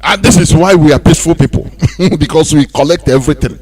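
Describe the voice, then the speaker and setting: A Nigerian man hosting a radio talk show, speaking in a loose, animated monologue that mixes in pidgin. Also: a little high, fast, husky. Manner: animated, mixing pidgin and laughing asides. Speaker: radio host.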